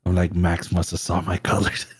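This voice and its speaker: A man co-hosting a casual trading livestream, animated, joking and swearing. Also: low voice, moderate pace, breathy edge, dry recording, clean studio sound. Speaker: co-host.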